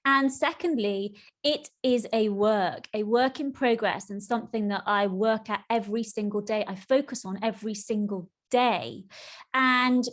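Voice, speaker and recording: A middle-aged woman hosting her own podcast as a spiritual coach, talking in an earnest, heartfelt way and lingering slowly over the words that matter to her. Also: fairly high pitch. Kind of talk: solo podcast chat.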